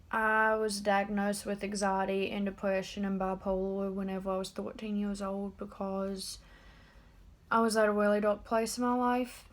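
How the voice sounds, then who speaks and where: An eighteen-year-old woman talking straight to camera in a personal confessional vlog, subdued and halting. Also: medium pitch. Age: about 18. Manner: subdued, halting and openly emotional. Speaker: vlogger.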